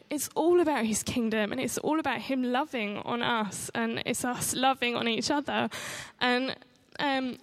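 A woman giving an informal, excitable sermon and testimony, chatty and rambling, often restarting her sentences. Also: high-pitched, normal speed, hardly any pauses. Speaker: church speaker giving testimony.

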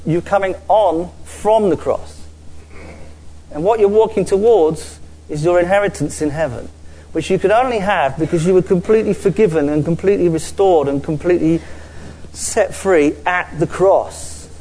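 Earnest preacher man, slightly high voice. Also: dark tone, low-quality recording. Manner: earnest, with halting restarts and repeated words; slows down to stress key phrases. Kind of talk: sermon. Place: church gathering with a screen before an audience.

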